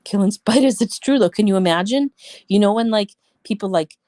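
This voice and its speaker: A livestream host with a medium-pitched, dark voice talks briskly in a dry recording. Speaking straight to her audience, she tells stories and vents bluntly, swearing freely as she chats.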